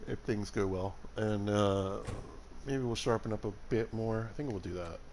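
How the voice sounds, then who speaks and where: A man's voice: on the low side, moderate pace, noisy background. A man from Alabama with a Southern US accent, chatting and joking to viewers while streaming a survival game. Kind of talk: casual gameplay commentary.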